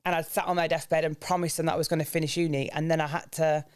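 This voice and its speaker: A man's voice: level tone, fast talker, smooth. A young man in his twenties from England, talking openly and reflectively as a podcast guest. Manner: open, reflective, speaks of grief in a low earnest tone. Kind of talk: candid personal podcast talk.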